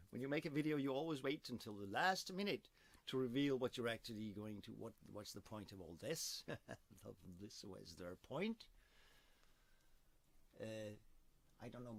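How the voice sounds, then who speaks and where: Rambling, hoarse man, slow. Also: mid-range voice. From Denmark. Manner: digressive, punning, playful. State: hoarse from coughing. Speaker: video host demonstrating a voice technique. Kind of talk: casual rambling demonstration.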